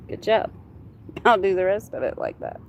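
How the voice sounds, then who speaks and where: A woman chatting casually with viewers on a live stream in an animated way. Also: medium pitch, measured pace, creaky, a little hiss or hum, rough recording. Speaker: livestreamer.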